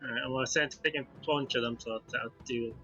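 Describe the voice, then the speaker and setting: Bright, halting young-sounding player man. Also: medium pitch, steady tone, muffled recording, faint music behind. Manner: halting, restarts often. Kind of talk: casual tabletop game play.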